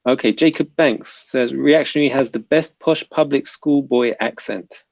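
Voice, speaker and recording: Man, South London accent, livestream host reading chat, gravelly voice, dull dry sound. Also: mid-range voice, normal speed, no room sound. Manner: reads viewer comments aloud, chatty and bantering.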